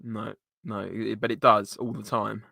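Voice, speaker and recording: A man's voice: lowish voice, little pitch movement, unhurried, gravelly, bright, forceful tone, no room sound, studio quality. A man co-hosting a live match watchalong, chatty and arguing his points while reading out the chat. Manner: chatty, reasoning, reads out the chat. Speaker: watchalong co-host.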